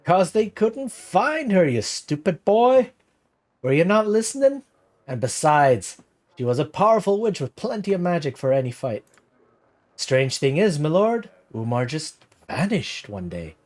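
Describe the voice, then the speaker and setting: A man's voice: mid-range voice, normal speed, a little mellow, lightly acted. A man voicing a boastful old male villager telling a witch tale, with theatrical, shifting put-on accents.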